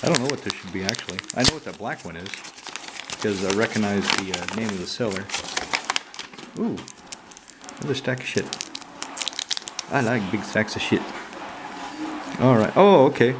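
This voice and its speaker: A man's voice: lowish voice, animated, moderate pace, pauses often. A man casually thinking aloud as he opens his card mail at home, rambling and swearing now and then. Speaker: channel host opening card mail. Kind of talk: casual unboxing chat. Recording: noisy room with running water.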